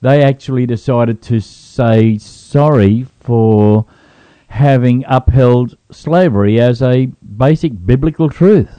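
A man's voice: medium pitch, slow pace, dark tone, smooth, dry recording. A man from Queensland with an Australian accent, co-hosting a casual radio chat in a playful, teasing way. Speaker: co-host. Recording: dull, dry radio audio.

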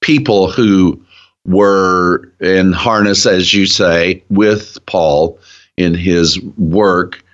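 Deep, slow-talking earnest man. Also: steady tone, dull audio. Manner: earnest, enthusiastic. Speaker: guest, ministry founder. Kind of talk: casual Bible discussion.

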